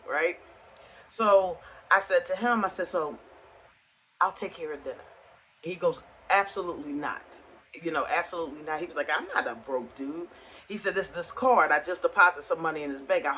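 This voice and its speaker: Animated woman telling a story. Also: deep voice, a little hiss or hum, low-quality recording. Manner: animated, acts out both sides of conversations. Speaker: vlogger. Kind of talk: casual storytelling rant.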